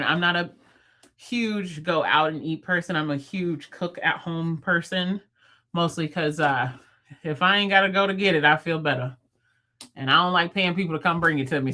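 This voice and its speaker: A young woman chats on her livestream in a bright, lively voice. She talks fast and playfully, and she laughs often as she talks to her viewers. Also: fairly low pitch. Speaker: livestream host. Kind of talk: casual livestream chat with viewers.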